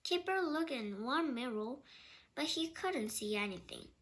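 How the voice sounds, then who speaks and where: A woman reading a children's storybook aloud, slow, clear and expressive. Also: high voice, noisy background. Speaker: storybook reader.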